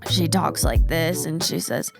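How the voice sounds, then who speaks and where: Gravelly-voiced woman with a cold. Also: deep voice, a little slow, music in the background. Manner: chatty, rambling, laughs often. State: sick with a cold, rough voice. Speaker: podcast co-host. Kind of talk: casual chat.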